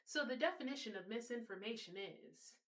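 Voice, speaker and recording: A woman's voice: fairly high pitch, lively intonation, fairly quick. A woman hosting a video, casually explaining a topic and telling a story, speaking directly to her viewers. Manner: warm direct address to viewers.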